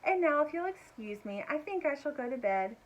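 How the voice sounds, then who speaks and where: Lady doing a sweet little bird girl, soft musical lilt, very polite, storybook. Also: sits high, sing-song, fairly quick, muffled recording, pitched above the performer's own voice. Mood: gentle. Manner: polite, lilting. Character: small gentle hen bird, polite and sweet.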